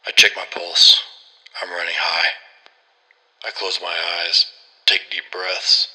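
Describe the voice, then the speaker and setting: A man's voice: low-pitched, flat delivery, slow pace, pushed and bright, low-quality recording. A man narrating a horror story in a grim, terse first-person voice.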